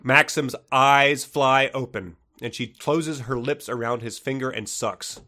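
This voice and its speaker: A man's voice: medium pitch, measured pace, bright, forceful tone. A man co-hosting a comedy book podcast, chatting casually, laughing often and reading passages aloud with mock drama. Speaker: podcast co-host.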